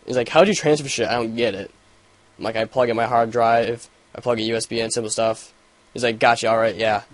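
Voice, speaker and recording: A young man telling a story in a casual vlog, swearing a lot and rambling, with sudden loud rants. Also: medium pitch, little pitch movement, brisk, dry recording. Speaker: gaming vlogger. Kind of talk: casual ranting vlog update.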